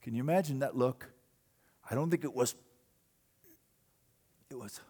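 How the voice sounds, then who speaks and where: A man preaching a sermon, telling a story with dramatic swings between loud bursts and hushed moments. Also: mid-range voice, unhurried, husky. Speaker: pastor.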